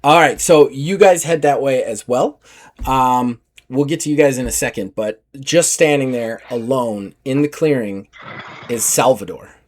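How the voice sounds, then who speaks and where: A man narrating as game master of a tabletop role-playing game, animated and laughing, bursting into shouted character lines. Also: medium pitch, a little slow.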